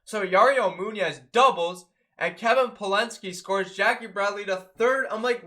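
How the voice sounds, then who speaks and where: A man giving an excitable, chatty fan recap of a baseball game, talking to viewers as a fan. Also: sits high, normal speed. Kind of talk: casual game recap vlog.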